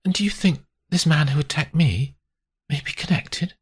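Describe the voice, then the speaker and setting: A woman's voice: low voice, moderate pace, breathy edge, voice pushed up. A man reading an audiobook, voicing an injured, wary young businesswoman who speaks faintly and guardedly. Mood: anxious.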